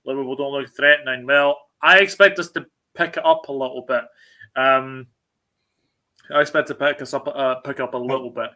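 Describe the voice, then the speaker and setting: Male host with a bright, sharp voice, reading viewer comments between fillers. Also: mid-range voice, steady tone, moderate pace. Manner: reads viewer comments aloud, filler-heavy. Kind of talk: casual football watchalong chat.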